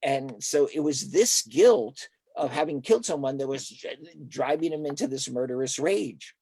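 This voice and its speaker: An older male therapist, interviewed conversationally, brings his stories to life by acting out what each person said. His mid-range voice has a breathy edge and moves at normal speed, and the recording is dry.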